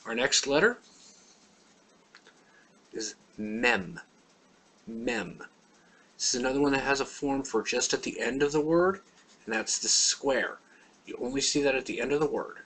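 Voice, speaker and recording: Husky man teaching the alphabet. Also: medium pitch, fairly bright tone. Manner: plain, patient explaining with slow repeated words. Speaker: language teacher. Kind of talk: alphabet lesson.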